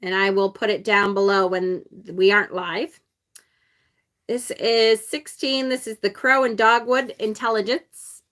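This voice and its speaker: Chatty upstate New York woman, bright voice. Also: mid-range voice, steady tone, unhurried. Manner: chatty, reads viewer comments aloud, laughs often. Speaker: tarot channel host. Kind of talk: casual live-stream deck unboxing.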